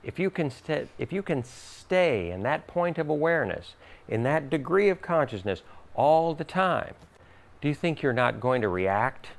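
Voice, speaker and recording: A man's voice: fairly high pitch, sing-song, a little slow. A man teaching a workshop and answering audience questions, acting out quoted voices and laughing often. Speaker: spiritual teacher.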